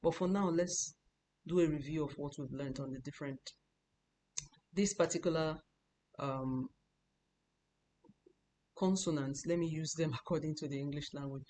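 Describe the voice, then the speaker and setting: A woman teaching an online pronunciation lesson, repeating each sound several times, breathy on hushing sounds, talking in a halting way with many restarts. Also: sits low, steady tone, slight background noise. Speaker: online Chinese language teacher.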